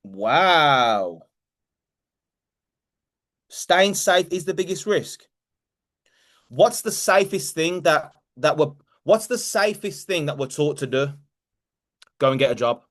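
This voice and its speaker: A man's voice: on the high side, sing-song, slow pace, long pauses, a bit bright. A man hosting a group call as a motivational coach, talking directly and emphatically and repeating key phrases.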